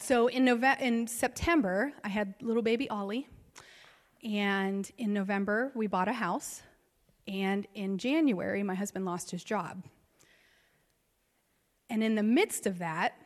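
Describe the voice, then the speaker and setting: A woman in her thirties, a pastor, telling a personal story in a sermon with emotional swings. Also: mid-range voice. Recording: long reverb of a large hall.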